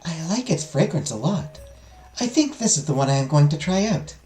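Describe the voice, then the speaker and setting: A man voicing a polite, reserved young woman who speaks softly, formally and hesitantly. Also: medium pitch, big pitch swings, normal speed, lightly acted. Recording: echoey room, faint music.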